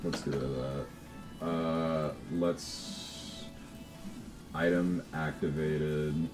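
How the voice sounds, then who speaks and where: A man's voice: rumbling low, little pitch movement, extremely slow, music in the background. A man chatting casually on a livestream while he codes, swearing, laughing easily and often restarting his words. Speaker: game developer livestreaming.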